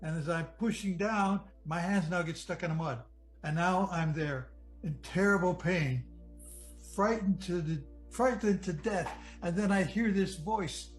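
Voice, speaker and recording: A man from Michigan giving an earnest personal testimony about nearly drowning, reflective and halting, often restarting his sentences. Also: sits high, low-quality recording. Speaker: near-death experience storyteller. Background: soft music.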